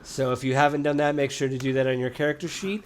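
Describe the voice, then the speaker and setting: A man runs a tabletop game in a loose, rambling way. His voice sits at an ordinary middle pitch, and his narration wanders through fillers and restarts. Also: fairly even intonation, fast, slight background noise. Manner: casual, rambling with many fillers. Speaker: game master.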